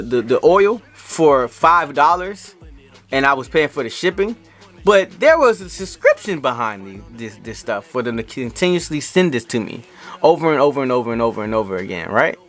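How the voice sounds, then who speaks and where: Animated man ranting about being scammed. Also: medium pitch, moderate pace, soft background music. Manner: animated, repeats himself, indignant retelling. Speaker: vlogger. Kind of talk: storytime rant to camera.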